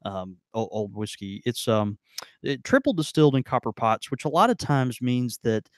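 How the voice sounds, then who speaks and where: A man co-hosts a podcast in Mississippi, rambling through a casual tasting chat full of fillers and restarts. His mid-range voice is expressive and moves at a moderate pace. The recording is dry and has clean studio sound.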